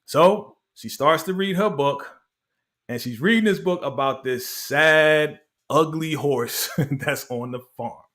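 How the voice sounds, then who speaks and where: A man's voice: on the high side, slow pace, fairly bright tone. A man hosting a casual show recap, telling it like a story in slangy talk and laughing often. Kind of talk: casual review chat.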